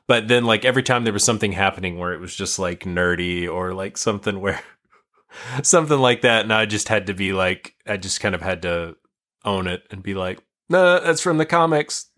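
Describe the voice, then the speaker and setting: A man's voice: deep voice, a little fast, sharp tone. A young man co-hosting a podcast, rambling casually with lots of fillers and self-deprecating asides. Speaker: podcast co-host. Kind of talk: casual chat.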